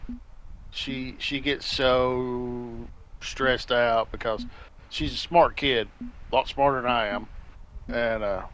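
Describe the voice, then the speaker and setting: A man's voice: medium pitch, fairly bright tone, low-quality recording. A middle-aged man with a drawl tells a long, rambling story, often restarting his sentences. He talks casually over a voice call headset with a mid-range voice. Faint noise sits under the line. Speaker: gaming stream crew member.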